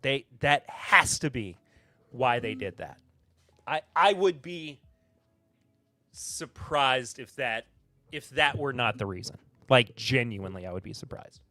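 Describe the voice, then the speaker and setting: A man hosting a casual live podcast, talking in a relaxed, rambling way with fillers, and answering chat comments. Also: medium pitch, a little slow, no room sound. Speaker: podcast host.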